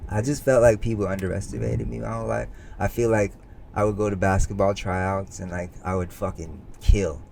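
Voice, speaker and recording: A young man co-hosting a casual podcast, boastful and intense, swearing constantly, turning low and brooding when he reflects. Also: steady tone, a little fast, creaky, darkish tone, slight background noise. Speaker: podcast co-host.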